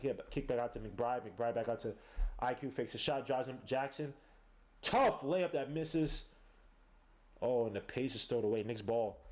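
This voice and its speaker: This man, a podcaster, gives running commentary on a game he's watching in real time. His voice sits in the middle range, his talk is slangy and hyped, and big moments make him yell.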